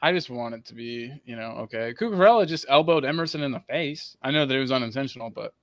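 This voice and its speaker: Chatty stammering man with a dry, bright voice. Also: mid-range voice, expressive, quick pace, no room sound. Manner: chatty, stammers and repeats words, jokey. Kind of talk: casual football chat.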